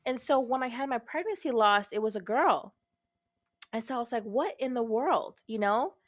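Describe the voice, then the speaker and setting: Frank, expressive woman in a dry recording. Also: fairly high pitch, moderate pace, no echo. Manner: frank and expressive, swears casually, acts out her own past thoughts. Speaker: podcast guest. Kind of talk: candid personal storytelling.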